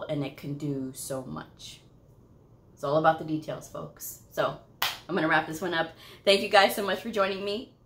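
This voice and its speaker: A woman hosting her own channel, telling a workplace story in a chatty way, laughing often and checking in with her listeners. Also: low voice. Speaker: medical coding channel host. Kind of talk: casual storytelling vlog. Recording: echoey room.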